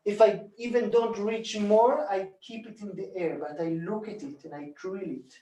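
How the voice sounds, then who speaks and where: A man, a bodywork teacher, calmly explaining a hands-on demonstration and chanting rhythm sounds as he works. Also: high-pitched. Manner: calm, unhurried, counts and chants rhythm sounds while demonstrating. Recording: echoey room, voice from a distance.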